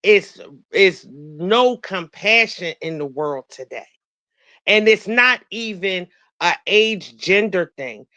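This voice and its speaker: A woman's voice: lowish voice, animated, takes it slowly, sharp tone, dry recording. A middle-aged woman telling stories on a video call, indignant and preachy about how people behave. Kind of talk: casual live-stream chat.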